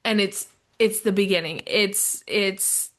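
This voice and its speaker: A woman's voice: medium pitch, slow. Young woman podcast co-host, casual and chatty, does the voices of people in her stories. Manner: animated storyteller, acts out quoted friends. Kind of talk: casual chat.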